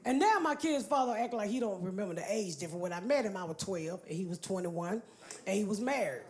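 A female stand-up comedian speaks straight to the audience from the stage, delivering a brash, foul-mouthed story. She has an expressive, slightly mellow mid-range voice and a quick pace.

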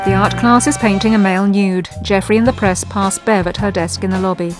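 A woman's voice: medium pitch, steady tone, a little fast. A woman giving matter-of-fact audio description of a film in scripted narration. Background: film music.

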